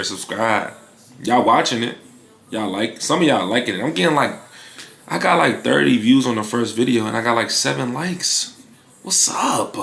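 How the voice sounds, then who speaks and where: In an echoey room, a man in his twenties talks casually in a vlog about building his clothing brand. His mid-range voice is creaky and a bit bright, and his delivery is laid-back and slangy with lots of fillers.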